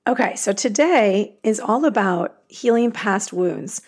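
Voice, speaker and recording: A woman's voice: mid-range voice, lively intonation, a little slow, a little mellow. A woman hosting a meditation series, earnest and chatty, who introduces the day's practice and tells a short story. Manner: earnest, chatty, self-aware asides. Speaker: meditation teacher and host. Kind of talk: casual spoken intro to a guided meditation.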